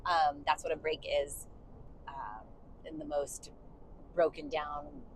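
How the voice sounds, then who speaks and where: A woman's voice: low-pitched, flat delivery, measured pace, slight background noise, rough recording. A woman co-hosting a podcast, chatting casually in a moving car, with lots of fillers. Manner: chatty, many fillers, sings short demo bits. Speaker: podcast co-host and bandleader singer. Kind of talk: casual chat.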